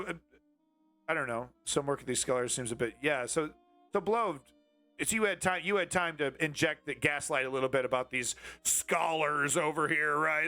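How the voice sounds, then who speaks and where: A man with a bright, fairly high voice hosting a live stream. He rambles in casual commentary and sarcastically needles chat viewers, with frequent swearing. Faint music plays behind him. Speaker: livestream host.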